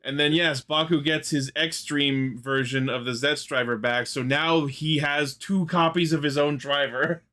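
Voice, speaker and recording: A man's voice: on the high side, fairly even intonation, measured pace, hardly any pauses, bright, forceful tone. A man co-hosting a casual fan podcast, recapping episode plot in detail with enthusiasm and casual swearing. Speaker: podcast co-host.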